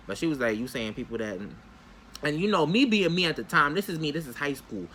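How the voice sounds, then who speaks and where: A young man talks straight to his viewers in a casual storytime vlog, using loose slang. His pitch sits in the middle but swings widely as he tells the story. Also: big pitch swings, a little fast, fairly bright tone, slight background noise. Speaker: vlogger.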